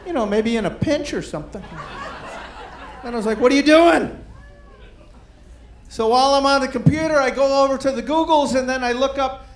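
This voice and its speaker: A man doing stand-up comedy, telling a self-mocking story in an animated way and acting out bits of dialogue. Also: very high-pitched, quick pace, roomy sound, a little hiss or hum.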